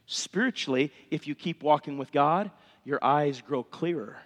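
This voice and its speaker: A man's voice: fairly high pitch, unhurried, a bit bright. A middle-aged male pastor, preaching a sermon with fervent, impassioned appeals in a church sanctuary. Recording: long reverb of a church hall.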